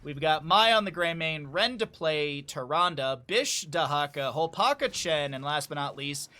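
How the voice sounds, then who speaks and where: Bright-voiced excitable esports caster man. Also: a little high. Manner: excitable, rambling asides between fast play-by-play; chatty, talks directly to chat. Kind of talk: live esports play-by-play commentary.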